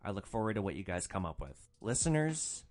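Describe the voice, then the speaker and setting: A man hosting a podcast, telling a first-person story in a wry, deadpan, dryly sarcastic way. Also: on the low side, fairly quick.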